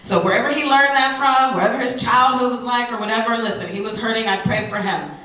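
A woman's voice: on the high side, fast talker, far from the mic. Woman speaking in a roomy hall. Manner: candid, animated storytelling with audience asides. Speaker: speaker at a talk, radio personality. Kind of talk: personal testimony talk to an audience.

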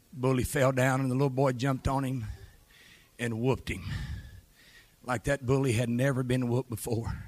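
A man preaching a revival sermon, telling a story and then shouting fervent exhortations to the congregation. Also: mid-range voice, no echo. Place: church revival meeting.

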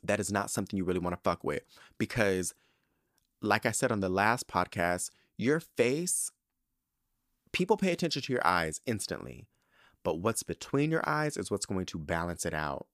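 A young man hosting a podcast, telling a story in a sassy, animated way with lots of emphatic repetition. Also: sits low, no room sound, studio quality. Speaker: podcast host. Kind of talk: casual podcast monologue.

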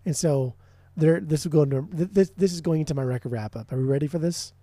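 A man's voice: on the high side, fast, dark tone, no room sound. A man co-hosting a podcast in casual music chat, rambling, swearing often and restarting his sentences. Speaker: podcast co-host.

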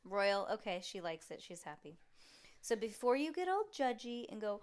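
A woman in her thirties hosting a podcast with her young daughter, talking in a chatty, excitable way full of rambling asides. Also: mid-range voice, moderate pace, clean tone. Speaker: podcast host and mother. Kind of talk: casual chat reading to kids.

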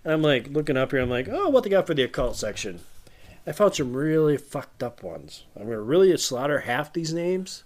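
Mann, der lachend eine Geschichte erzählt. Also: male voice, on the high side, sing-song, a little fast. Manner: storytelling, profane, laughs often. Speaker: podcast co-host. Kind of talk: casual chat.

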